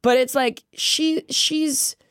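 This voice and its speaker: A woman's voice: high-pitched, slow, dry recording, studio quality. A middle-aged woman hosting a podcast, talking candidly and animatedly, acting out what she and others said and swearing freely. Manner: animated, quotes herself and others in lively put-on voices, swears freely. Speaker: podcast host. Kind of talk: candid casual chat.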